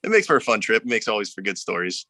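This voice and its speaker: A man's voice: fairly low pitch, very animated, quick pace, pushed and bright, no room sound. A man telling fishing stories in a laid-back, casual way, often saying "you know", from Arizona. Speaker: guest angler. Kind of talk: casual storytelling.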